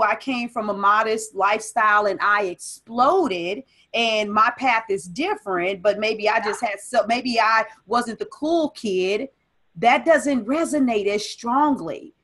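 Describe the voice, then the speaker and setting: A woman's voice: fairly high pitch, a bit bright. Emphatic woman coach, driving delivery. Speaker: personal development coach and business strategist. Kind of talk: casual interview conversation.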